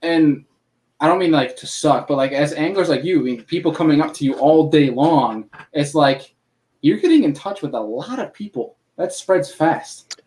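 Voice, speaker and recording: A man's voice: a little high, very animated, normal speed, darkish tone. Casual man hosting a fishing podcast. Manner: casual, loose, many fillers. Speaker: podcast host.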